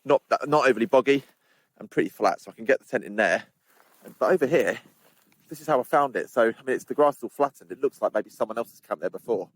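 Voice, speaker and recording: A man's voice: medium pitch, fast talker. A man vlogging outdoors on windy hills, chatting casually to the camera and speaking directly to his viewers. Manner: chatty, addresses viewers directly, relaxed asides. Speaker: hiking vlogger. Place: outdoors on windy fells at a campsite.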